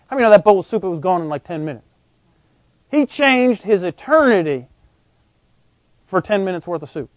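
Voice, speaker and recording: Guy preaching, high voice, gets loud and animated, dull dry podcast sound. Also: normal speed, long pauses, no room sound. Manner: animated, folksy, acts out voices in quotes. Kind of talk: sermon.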